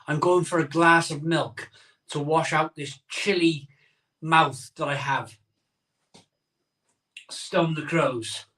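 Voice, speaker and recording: A man chats loosely on a home live stream, rambling between thoughts and reading out comments. His voice sits a little high and sounds bright and forward. He is a bit away from the mic. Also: steady tone, slow pace, long pauses, far from the mic. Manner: rambling, reads viewer comments aloud. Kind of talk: casual live-stream chat.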